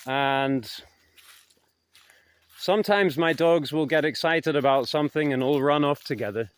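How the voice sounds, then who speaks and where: A man telling stories in a casual vlog, rambling and hesitant, his voice trailing off softly at the ends of thoughts, recorded outdoors in woods. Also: a little high, a little slow, smooth, dry recording. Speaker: vlogger. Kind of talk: casual anecdotal storytelling.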